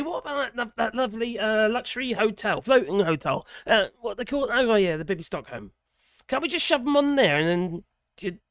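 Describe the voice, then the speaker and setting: A man's voice: high-pitched, creaky, a bit bright, dry recording, clean studio sound. A man hosting a casual livestream, rambling and sardonic, with wry laughs. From England. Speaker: livestream host.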